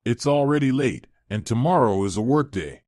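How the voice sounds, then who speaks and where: A man's voice: medium pitch, lively intonation, normal speed, a little mellow, dry recording, studio quality, lightly acted. A man voicing an embarrassed husband who begs and stammers. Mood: pleading. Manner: pleading, stammering.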